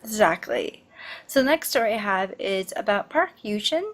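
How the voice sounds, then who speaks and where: A woman's voice: mid-range voice, expressive, normal speed. A woman co-hosting a casual pop news chat, talking in a rambling way with many fillers and restarts.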